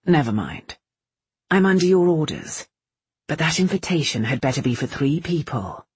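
A woman's voice: low voice, very animated, normal speed, darkish tone, husky, dry recording, heavily acted. A woman voicing a tense, protective young man. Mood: alarmed. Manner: alarmed, clipped, strained. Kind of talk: audiobook character voice.

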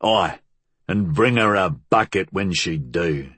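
A man voicing a big, rough-spoken working man who talks coarsely and slowly with a growl. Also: deep voice, lively intonation, fairly bright tone, dry recording, exaggerated voice. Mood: gruff.

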